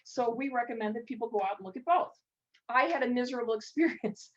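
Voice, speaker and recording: Lively woman pitching retail strategy. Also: quick pace, highs cut off. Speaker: retail speaker. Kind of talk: speaker showcase presentation.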